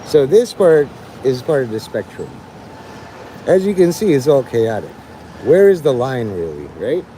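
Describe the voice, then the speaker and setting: A man's voice: mid-range voice, big pitch swings, measured pace, mellow, slight background noise. A man livestreaming, rambling and teasing his chat, breaking into mock-angry, swearing rants.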